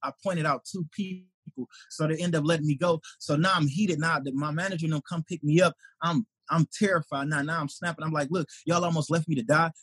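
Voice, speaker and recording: A man's voice: on the high side, fairly quick, hardly any pauses, husky, no room sound. A man from Detroit, a stand-up comedian, telling a story in conversation and acting out the voices of the people in it. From Detroit, USA. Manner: animated, acts out quoted voices.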